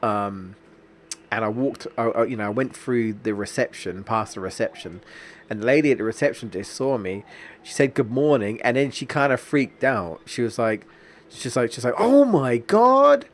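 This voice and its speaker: Young guy streaming a game, lowish voice, chatty and meandering, lots of ums. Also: moderate pace. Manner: rambling, anecdotal, many restarts and fillers. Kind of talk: casual gameplay commentary.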